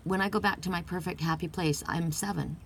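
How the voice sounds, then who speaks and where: A woman's voice: fairly low pitch, fairly even intonation, brisk, a little hiss or hum. A middle-aged woman giving an earnest, heartfelt oracle card reading, emphatic and casual.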